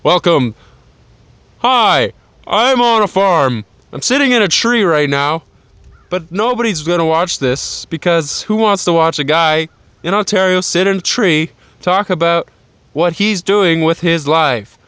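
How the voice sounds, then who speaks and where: A man putting on a brash, fast-flowing accented voice, loud and bossy. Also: a little high, animated, smooth, dry recording, voice pushed up. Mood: chipper.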